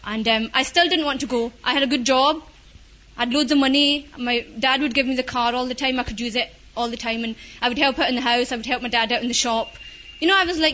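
A woman's voice: high voice, quick pace, sharp tone, highs cut off, slight background noise. A young woman with a Scottish accent giving a personal testimony in a chatty way, full of fillers and with Urdu words mixed in.

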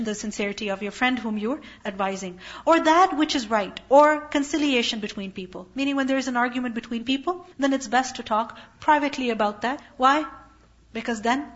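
A woman giving a Quran commentary lesson, reciting Arabic verses and then translating them, and asking rhetorical questions that she answers herself. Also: a little high. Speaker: Quran teacher. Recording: dull lo-fi recording.

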